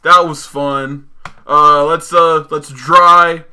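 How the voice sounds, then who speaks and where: Young man, casual podcast chat, bright forceful voice, a little high, swears and laughs a lot. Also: fairly even intonation, drawn-out words. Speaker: podcast co-host.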